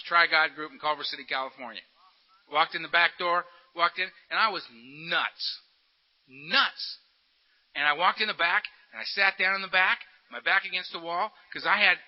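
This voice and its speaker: A man telling his recovery story to a meeting, animated and full of acted-out quotes and laughter. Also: high-pitched, dull audio. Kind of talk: storytelling talk to an audience.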